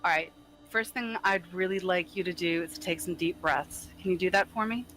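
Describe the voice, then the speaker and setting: A man voicing a calm, kind woman crisis-line worker in a coaxing falsetto. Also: moderate pace, soft background music, low-quality recording. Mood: soothing.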